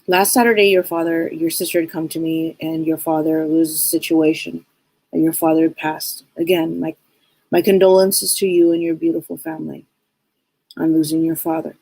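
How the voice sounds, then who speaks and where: A woman with a lowish, husky voice hosts a live psychic reading stream. She talks in a heartfelt, rambling way and often circles back to restart her thoughts. The sound is dry and close. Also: level tone, normal speed, mellow, no room sound, rough recording. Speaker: psychic reader, host of a live show.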